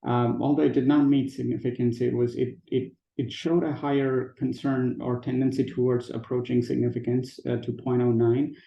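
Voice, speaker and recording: A man giving an academic research presentation at a conference, pausing often on fillers and restarting phrases. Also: mid-range voice, little pitch movement, gravelly, reverberant, lo-fi sound. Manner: hesitant, frequent fillers and restarts. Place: conference talk, recorded remotely.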